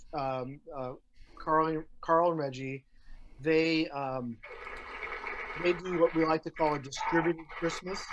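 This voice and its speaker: A man's voice: fairly high pitch, a bit bright, a little hiss or hum. A man co-hosting a podcast, telling stories in a chatty way with many fillers. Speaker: podcast co-host. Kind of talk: casual chat.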